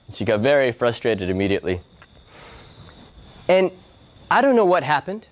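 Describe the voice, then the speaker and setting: Speaking at normal speed in a mid-range voice, this man gives a spiritual talk in a yoga hall. He recounts something from his own life in an animated way, imitating how his family sounded.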